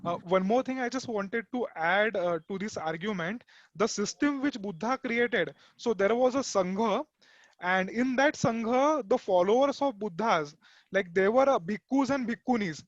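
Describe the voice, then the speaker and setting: A man's voice: high voice, normal speed, no room sound, muffled recording. A man in a casual group discussion, adding a point with hesitant fillers while listing terms. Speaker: discussion participant.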